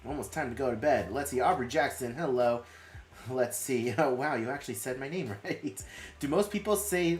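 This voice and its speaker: Chatty male live-stream host, roomy sound. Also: mid-range voice. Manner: chatty, greets viewers and reads comments aloud. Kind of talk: casual live stream chat. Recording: roomy echo.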